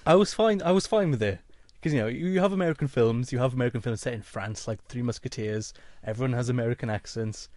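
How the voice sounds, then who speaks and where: A man's voice: mid-range voice, quick pace, hardly any pauses, darkish tone, no room sound, clean studio sound. A man in a casual film chat, making opinionated, emphatic complaints with laughter in his voice.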